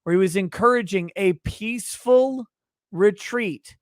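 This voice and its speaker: Heated high-voiced male commentator. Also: slow pace, dry recording, clean studio sound. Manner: heated, sarcastic, profane. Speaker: commentator reacting to a hearing. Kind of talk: angry profane commentary.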